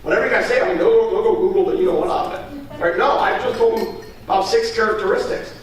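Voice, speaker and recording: A sales trainer talks fast in an extremely high voice, role-playing a sales pitch during a training talk and repeatedly asking "all right?". He's recorded from far off in a very echoey room with faint noise.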